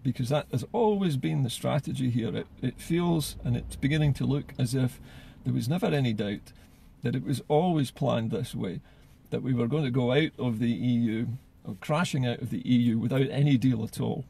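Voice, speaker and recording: A man's voice: medium pitch, moderate pace, gravelly, hardly any pauses, dark tone, breathy edge. A man giving solo political commentary in an earnest way, often repeating words as he gathers his thoughts.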